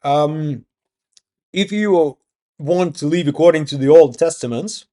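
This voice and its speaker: Slow, mellow Russian-accented man. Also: a little high. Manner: rambling, swears often, self-interrupting. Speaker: vlogger. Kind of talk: casual monologue.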